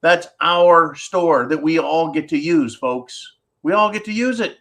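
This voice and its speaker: A man's voice: fairly high pitch, unhurried, fairly bright tone. A middle-aged man hosting a profane, sarcastic commentary monologue, talking straight to his viewers as folks. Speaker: channel host. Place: indoors, tropical home.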